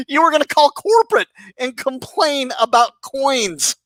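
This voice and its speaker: A man's voice: very high-pitched, fairly bright tone, dry recording. A man, profane sarcastic roast ranter. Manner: mocking, sarcastic, heavy swearing. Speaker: commentary YouTuber.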